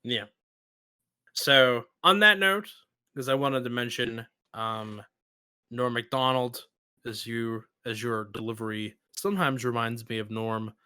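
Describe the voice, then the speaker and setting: A man hosting a casual podcast, with a bright, forward tone. He retells jokes with animated energy, acting out the lines. The sound is close and dry, with no room around it. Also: medium pitch, measured pace, smooth, no echo. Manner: animated storyteller, acts out quotes. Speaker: podcast host.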